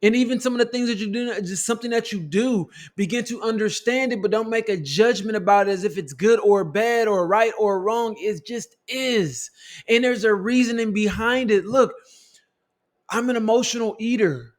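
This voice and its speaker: A man giving a motivational self-help talk to his viewers in a preachy, repetitive style, often calling them "family" and building to loud climaxes. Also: sits high, moderate pace. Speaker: motivational teacher.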